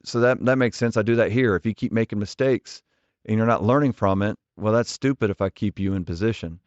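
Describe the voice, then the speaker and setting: A man's voice: on the low side, fairly quick, no echo, lo-fi sound. A man in his forties, a ministry leader, telling stories earnestly and directly in an interview, often restarting his words. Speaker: ministry leader, podcast guest. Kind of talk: conversational interview storytelling.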